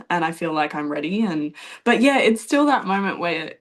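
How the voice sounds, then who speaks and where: A woman's voice: lowish voice, brisk, hardly any pauses. A young Australian woman hosts a podcast chat. She asks questions casually and affirms her guest's answers often. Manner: warm affirming listener, frequent agreement. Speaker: podcast host.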